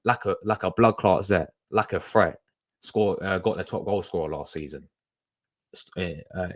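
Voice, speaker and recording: A man's voice: low-pitched, normal speed. A young man, chatting casually to his live-stream audience as a fan channel host, rambling with lots of restarts. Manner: rambling, chatty, talks to chat, restarts a lot.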